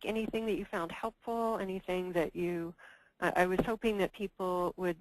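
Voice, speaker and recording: A woman's voice: on the low side, steady tone, moderate pace, dry recording, low-quality recording. A woman leading a conference call discussion, hesitant and full of fillers and restarts. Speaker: meeting presenter.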